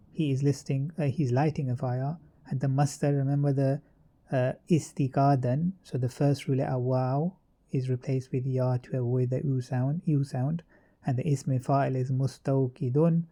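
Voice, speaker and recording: A man's voice: medium pitch, mellow. A man teaching an Arabic grammar lesson, walking through verb charts step by step with frequent fillers and self-corrections.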